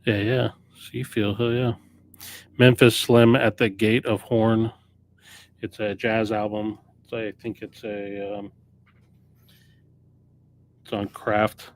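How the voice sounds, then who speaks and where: Slow and flat, with frequent pauses, a man with a fairly low voice chats casually on a live stream about his record store's new arrivals. He wanders off the cuff and keeps revising what he says partway through sentences.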